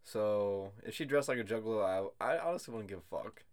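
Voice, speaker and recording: Easygoing young male guest with a lowish voice and profane, relaxed storytelling. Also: fairly quick. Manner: laid-back, swearing, chuckling. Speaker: podcast guest. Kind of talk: casual chat.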